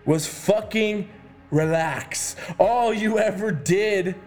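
A fitness coach with a high-pitched voice, preaching hard and swearing freely as he lectures about chasing goals. Faint music sits under his voice. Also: slow pace, a little mellow. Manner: intense, profane, preachy. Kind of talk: motivational rant to camera.

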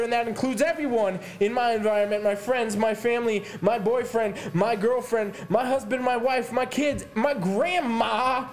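Male fitness coach, podcast host; high voice, heated, profane, repetitive motivational push. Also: darkish tone. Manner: fired-up, swearing, hammering repetition. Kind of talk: intense motivational podcast monologue.

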